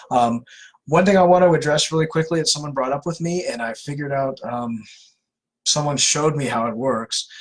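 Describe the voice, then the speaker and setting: A man from California talks through a live question-and-answer session in a loose, earnest way, often restarting his sentences. His voice has a slightly husky edge at a middle pitch. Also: a bit bright, poor audio. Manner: earnest, conversational, many fillers and restarts. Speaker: host of anti-scam live Q&A. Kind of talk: casual live-stream advice.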